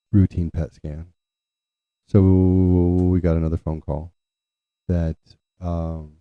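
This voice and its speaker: In a dull, dry lo-fi recording with no echo, a low-voiced man tells a personal family story. He rambles and keeps restarting his sentences.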